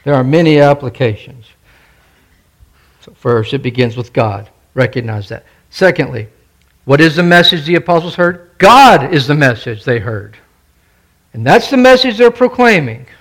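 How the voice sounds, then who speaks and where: Emphatic preacher man, high and lively. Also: normal speed. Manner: emphatic, repeats key points, asks the congregation questions. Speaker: pastor. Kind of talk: sermon.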